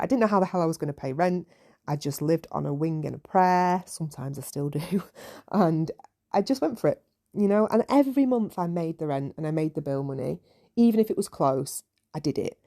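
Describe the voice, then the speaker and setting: A woman's voice: lowish voice, creaky, mellow. A woman hosting a podcast, telling her story in a chatty, candid way with many "you know" asides. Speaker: podcast host. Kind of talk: casual solo podcast storytelling.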